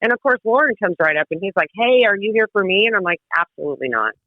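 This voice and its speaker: Female guest, lively storyteller who laughs and curses freely, tinny phone-line audio. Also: mid-range voice, fast, no echo. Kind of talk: casual storytelling.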